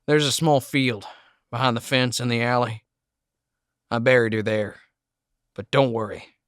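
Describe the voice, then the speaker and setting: A man voicing a bitter, menacing Southern man with a raspy, croaking voice and a Southern US accent, speaking slowly and accusingly. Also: mid-range voice, fairly even intonation, no echo, studio quality, close to an everyday voice. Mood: brooding. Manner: slow, brooding, accusing.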